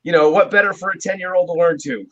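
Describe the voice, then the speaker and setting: A man's voice: sits high, fast talker, a bit bright. Rambling man on a dull lo-fi line. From New Jersey, USA. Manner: rambling, storytelling, chuckles often. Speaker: guest drummer. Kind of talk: casual interview chat. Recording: dull, muffled lo-fi sound.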